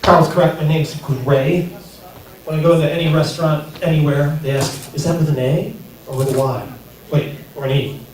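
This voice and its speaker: A man's voice: fairly high pitch, fairly even intonation, noisy background. A man in his fifties doing a stand-up set, nervous and self-deprecating. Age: 50s. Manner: slow, self-deprecating delivery. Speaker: stand-up comic. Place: comedy theater stage. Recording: echoey theater, mic at distance.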